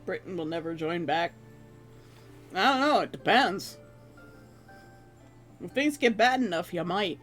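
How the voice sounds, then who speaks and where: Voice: mid-range voice, expressive, a little slow, long pauses, fairly bright tone. Joking streamer, faint music. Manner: rambling, joking, swears casually. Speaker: livestreamer. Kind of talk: casual chat with viewers.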